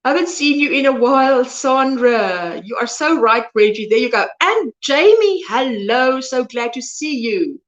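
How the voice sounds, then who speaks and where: A woman's voice: sits high, expressive, unhurried, few pauses, muffled recording. Chatty South African woman on a livestream. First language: Afrikaans. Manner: chatty, rambling, loses words mid-sentence. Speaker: crochet livestream host. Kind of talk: casual livestream chat reading comments.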